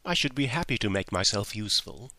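A man's voice: lowish voice, expressive, fairly quick, sharp tone, dry recording. A man reading the lines of a proud young woman governess, polite and firm, in an audiobook.

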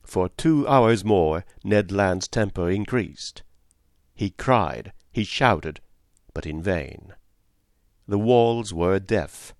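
Measured male audiobook narrator. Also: deep voice, lively intonation, a little mellow, no echo, studio quality. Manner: measured, formal storytelling. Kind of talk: scripted first-person narration.

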